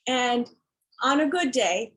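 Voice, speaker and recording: A woman's voice: a little high, animated, slow pace, fairly bright tone, poor audio. A woman author talking frankly and emphatically about her children's book, acting out other people's words and sometimes swearing. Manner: swears when heated. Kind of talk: candid conversation.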